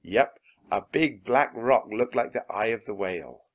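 A man reading a children's chapter book aloud in an expressive, animated way. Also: lowish voice, measured pace, lo-fi sound. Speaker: audiobook reader.

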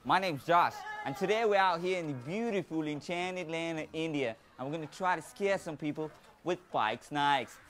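A man voicing a brash young male prank vlogger with a put-on Australian accent, loud and slangy. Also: fairly high pitch, normal speed, faint music behind, natural voice. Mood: cheery. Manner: loud, slangy, jokey showman.

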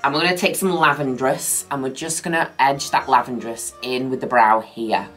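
A woman chatting casually through a makeup tutorial, camp and playful, often dropping a flat, low "people" at the end of her lines. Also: normal speed, soft background music. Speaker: makeup vlogger.

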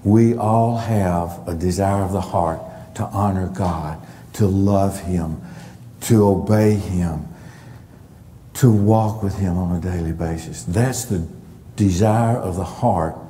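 A male pastor delivers a sermon in an unhurried, emphatic cadence, stressing single words for weight. His voice is mellow and warm. It rings out with the long reverb of a church sanctuary. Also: low-pitched, a little hiss or hum.

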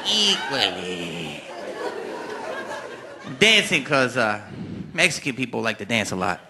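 A man performing a stand-up comedy routine on a live stage, telling stories with animated punchlines into a handheld mic. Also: medium pitch, moderate pace, gravelly, very noisy. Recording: live club recording with crowd laughter.

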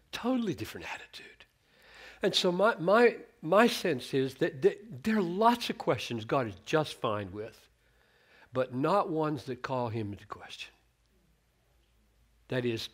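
A middle-aged man preaching a sermon, teaching on scripture in an earnest, animated way and quoting verses with changing emphasis. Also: mid-range voice, moderate pace, breathy edge.

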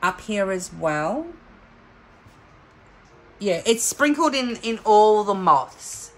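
A middle-aged woman from Australia chatting excitedly as she unboxes craft kits for her vlog. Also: medium pitch, slow pace, slight background noise. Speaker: craft vlogger. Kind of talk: casual unboxing chat.

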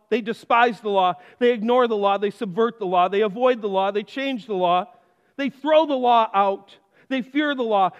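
A middle-aged man preaching a sermon as pastor, telling stories and acting out quoted voices, recorded by a stage microphone in a church sanctuary. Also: high-pitched. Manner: storytelling, acts out quoted voices. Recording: reverberant church, dull lo-fi sound.

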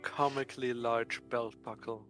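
A man's voice: mid-range voice, fairly even intonation, moderate pace, loud music behind the voice. A man chatting casually with friends, joking in a dry, reluctant way. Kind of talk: casual chat.

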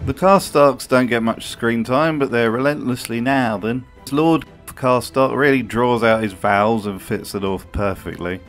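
A man's voice: medium pitch, a little slow, faint music behind. A man hosts a commentary video in voice-over. His tone is wry and sardonic. He swears freely and in an offhand way. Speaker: video host.

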